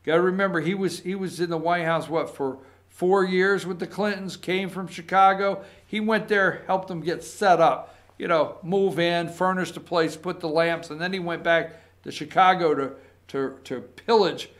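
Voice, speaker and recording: Male opinion host, high voice, sarcastic and combative, rambling. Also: fairly even intonation, normal speed, fairly bright tone. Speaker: political commentary host. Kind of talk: opinionated political commentary.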